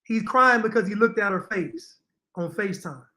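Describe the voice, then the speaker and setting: Man, high-pitched voice, opinionated reaction commentary, talks to viewers. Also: moderate pace, pushed and bright. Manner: opinionated, repeating points, talking to viewers. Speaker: commentary streamer.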